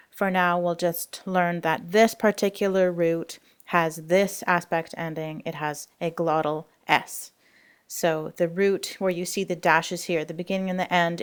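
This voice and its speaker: A woman's voice: on the low side, smooth. Patient woman teaching grammar. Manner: patient, explanatory, with frequent fillers. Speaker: language teacher. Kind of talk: recorded grammar lesson.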